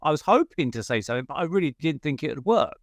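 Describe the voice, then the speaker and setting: A man guesting on an interview show, telling a story in an animated, chatty way with frequent fillers and self-corrections. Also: fairly high pitch, fast talker, no echo. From United Kingdom.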